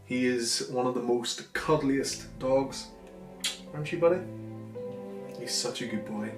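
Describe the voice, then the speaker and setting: A young man with a Northern Irish accent, chatting enthusiastically in a casual food vlog and dropping into softer asides. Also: medium pitch, fairly even intonation, measured pace. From Northern Ireland. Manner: chatty, enthusiastic, drifts between loud and soft asides. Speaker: vlogger. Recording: echoey room with faint music.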